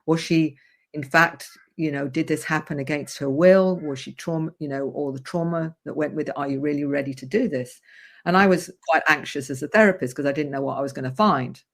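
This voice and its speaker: A woman's voice: low voice, fairly quick. A woman therapist, a guest on a radio show, earnestly recounting a client's story in vivid detail. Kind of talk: interview storytelling.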